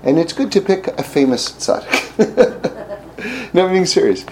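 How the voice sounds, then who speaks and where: A man teaching through a story, speaking haltingly with many restarts and fillers. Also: high-pitched, sing-song, a little hiss or hum, low-quality recording. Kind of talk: storytelling lesson.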